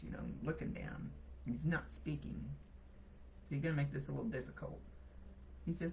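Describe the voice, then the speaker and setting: A woman's voice: deep voice, moderate pace, long pauses, warm tone, slight background noise, poor audio. A woman psychic medium giving a live reading to viewers, chatty and reassuring as she relays messages.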